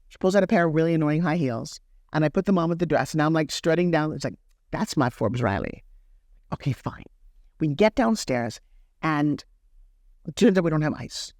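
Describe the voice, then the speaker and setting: A woman guest in an interview, telling a story with animated energy and acting out the other people's lines in lively voices. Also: deep voice, moderate pace, no room sound, clean studio sound. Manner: acts out quoted dialogue in lively voices. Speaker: guest entrepreneur.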